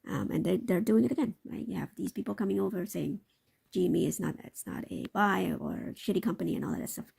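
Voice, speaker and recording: A woman's voice: lowish voice, fast talker, vocal fry, a little mellow, breathy edge. A woman hosting a live stream, commenting on market clips in a loose, repetitive way and often tagging her points with a question. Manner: talks in a loose, repetitive way with frequent tag questions. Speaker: livestream host.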